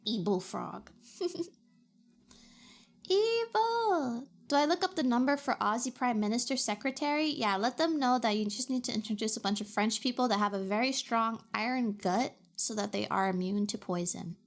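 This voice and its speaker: A woman's voice: fairly high pitch, fairly quick, hardly any pauses. A young adult woman streamer from Canada, chatting playfully and reacting to her chat. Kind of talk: casual chat.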